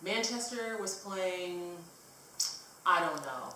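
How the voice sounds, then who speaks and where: A woman's voice: lowish voice, animated, takes it slowly, sharp tone, slight background noise. Woman rambling a story, echoey room. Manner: rambling, many fillers, casual swearing. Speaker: vlogger. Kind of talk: casual storytelling. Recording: echoey room, distant mic.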